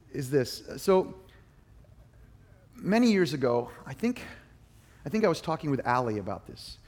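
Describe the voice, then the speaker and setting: A middle-aged man preaching a sermon, telling a personal story with animated, emphatic bursts. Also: medium pitch. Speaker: pastor.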